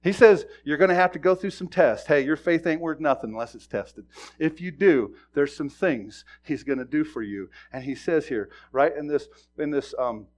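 A middle-aged male pastor preaching a sermon, telling a personal story in a folksy, animated way with sudden loud bursts. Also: a little high, normal speed, hardly any pauses.

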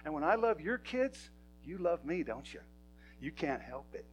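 A man's voice: on the high side, very animated, moderate pace, slight background noise, rough recording. A man preaching a sermon in a church, talking to his congregation in an emphatic, conversational way. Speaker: pastor.

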